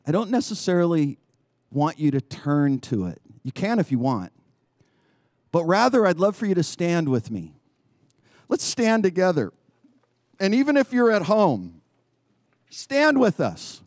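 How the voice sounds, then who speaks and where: High-voiced pastor preaching slowly. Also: male voice, big pitch swings, a little mellow, no echo, clean studio sound. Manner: slow, emphatic preaching with drawn-out pauses, urging the congregation. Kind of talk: sermon. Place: outdoor church courtyard.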